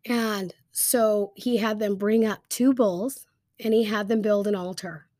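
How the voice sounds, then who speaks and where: A woman teaching a Bible story in a casual, lively storytelling way, with frequent fillers like "um" and "like". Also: medium pitch, measured pace, dry recording, studio quality.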